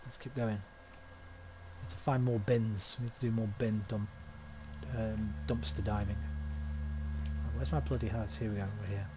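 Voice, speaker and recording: A man's voice: on the low side, steady tone, a little slow, pauses often, noisy background. A man giving casual, self-mocking commentary while streaming a game. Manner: chatty, self-mocking, thinks aloud. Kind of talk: casual let's-play commentary.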